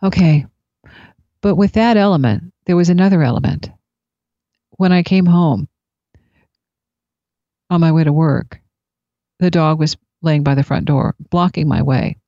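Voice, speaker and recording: Woman with a low mellow voice, slow reflective storytelling, dry dull lo-fi sound. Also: no echo. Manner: reflective, unhurried anecdotal telling. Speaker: speaker sharing spiritual experiences. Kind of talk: personal storytelling. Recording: dull lo-fi recording.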